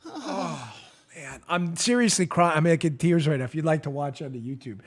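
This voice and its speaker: A man hosting a political talk show, sarcastic and laughing, swinging from loud jabs to hushed asides. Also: on the high side, expressive, normal speed. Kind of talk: animated political commentary.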